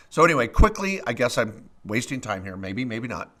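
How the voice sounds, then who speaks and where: A man co-hosting a podcast, telling stories and joking in a casual, animated way. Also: lowish voice, a little fast. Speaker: podcast co-host.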